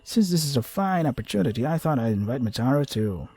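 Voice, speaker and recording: A man's voice: medium pitch, expressive, quick pace, a little mellow, husky, faint music behind. A man voicing an eager, pushy young male friend from a visual novel in a raised voice while reading the game aloud.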